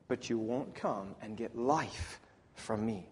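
A man preaching a sermon, swinging from loud emphatic lines to near whispers. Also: mid-range voice, expressive, takes it slowly, breathy edge, big-room sound.

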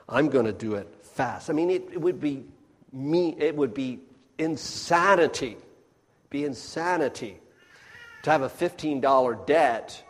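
A man preaching a sermon in a folksy way, swinging between loud emphatic bursts and hushed near-whispers. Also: mid-range voice. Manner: folksy, addresses the crowd as folks. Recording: long hall reverb.

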